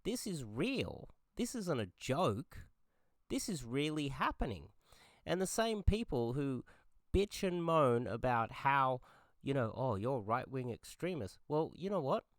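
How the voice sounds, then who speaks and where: A man's voice: fairly high pitch, very animated, takes it slowly, dry recording, studio quality. An Australian man giving an angry political rant, heated, swearing and often repeating himself. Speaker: political commentator. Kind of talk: angry ranting monologue.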